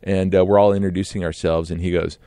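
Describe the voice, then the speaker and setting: A middle-aged man telling a casual story in an animated way, often laughing and acting out what others said. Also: sits low, fast, clean tone, no room sound. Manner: animated, laughs often, acts out quoted voices.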